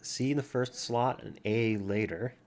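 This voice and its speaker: A man's voice: mid-range voice, measured pace, darkish tone. A man vlogging casually at home with a soothing, easygoing voice, chatting while playing a word game and talking to his cat. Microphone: computer mic from farther back than usual.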